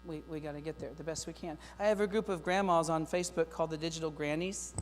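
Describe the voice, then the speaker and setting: Keynote presenter, middle-aged man, upbeat and joking, highish voice, long echo in a big auditorium, faint hum. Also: fast. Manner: energetic, joking, talks straight to the audience. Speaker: keynote speaker to teachers. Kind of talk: lively conference keynote. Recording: long hall reverb with faint mains hum.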